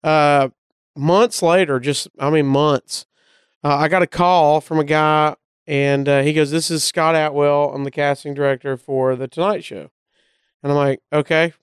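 Smooth-voiced man with an Alabama drawl. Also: a little high, measured pace, no echo, clean studio sound. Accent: Alabama Southern. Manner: animated anecdotes, acting out the voices of people in the story. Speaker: comedian guest. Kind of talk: casual storytelling.

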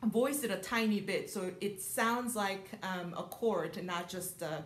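Teaching a piano lesson, a woman concert pianist speaks a little slowly in a mid-range voice, pausing with many small ums and occasionally singing out rhythms. It is a masterclass-style explanation, recorded in a room with echo and the piano playing.

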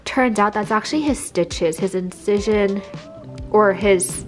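A woman's voice: mid-range voice, measured pace, faint music behind. A young woman vlogging at home, coaxing her dog in baby talk and chatting to viewers. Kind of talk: casual vlog, talking to her dog.

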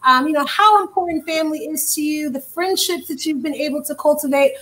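Earnest high-voiced woman co-host. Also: a little fast, fairly bright tone, poor audio. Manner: earnest, encouraging, faith-minded. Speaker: talk show co-host. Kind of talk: interview questions.

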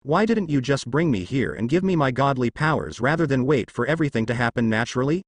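A man's voice: mid-range voice, lively intonation, fast talker, dry recording, lightly acted. A man reading as a young new god, firm. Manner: smooth but firm.

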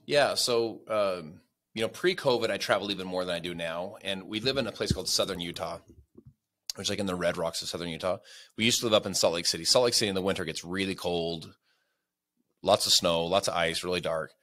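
A man's voice: sits low, fairly quick, fairly bright tone. A man as a podcast guest, telling a story with energy and closing with a motivational speech. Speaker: guest, sales leader.

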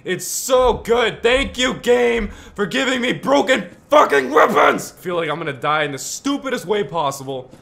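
A man doing let's play commentary on a video game, loud and profane, with screaming reactions and mock-heroic asides. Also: high voice, lively intonation, moderate pace, creaky, few pauses. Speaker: gaming YouTuber.

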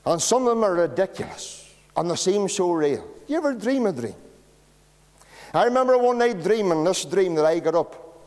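Northern Irish preacher, high voice, homely storyteller, long church reverb. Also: male voice, animated, moderate pace, darkish tone. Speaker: pastor. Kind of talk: storytelling sermon.

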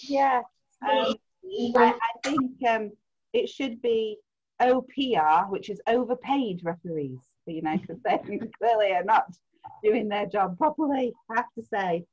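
Female quiz host on a video call, higher voice, relaxed, chatty delivery, dull lo-fi audio. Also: a little slow, breathy edge. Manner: chatty, laughs easily, stretches out answers.

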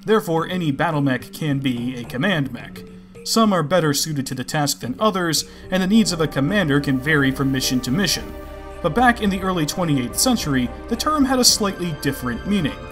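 A man's voice: a little high, lively intonation, fairly quick. Wry male lore narrator over music. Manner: wry, self-deprecating. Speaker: host of a video series on game mechs. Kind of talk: scripted narration.

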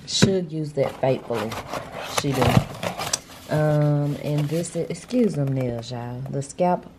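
Speaking in a low-pitched voice over background noise, this Texas woman chats energetically and casually with her viewers, slang and all, first while doing errands and then at home.

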